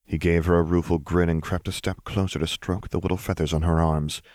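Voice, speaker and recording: A man with a very low voice reads a story aloud in a steady, even manner. The recording is close and dry, with no room around it. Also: moderate pace, no echo. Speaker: audiobook narrator. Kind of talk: fan fiction audiobook narration.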